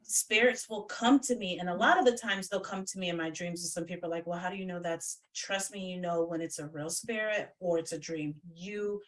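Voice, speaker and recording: A woman's voice: on the low side, a little fast, few pauses. A woman psychic medium chatting casually as a guest on a video call, blunt and swearing freely. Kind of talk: casual chat. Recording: distant from the mic.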